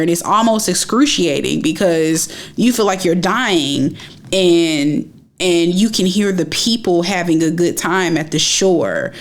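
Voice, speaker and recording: Young woman, storytime narrator, animated and emphatic, conversational. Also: lowish voice. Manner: animated, emphatic retelling with repeated phrases. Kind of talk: personal storytime.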